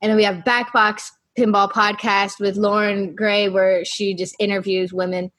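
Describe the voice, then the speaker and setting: A woman's voice: mid-range voice, flat delivery, normal speed, a bit bright. A woman panelist in a casual roundtable chat, speaking upbeat and enthusiastic.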